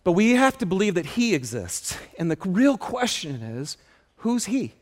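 A man preaching a sermon in an auditorium, telling stories with lively acted-out dialogue. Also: normal speed. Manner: animated storytelling, acts out dialogue with loud high shouts. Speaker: pastor.

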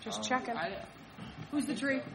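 A woman's voice: high-pitched, unhurried, creaky. A woman organizing the skit players in a bossy, teasing way. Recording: loud crowd around.

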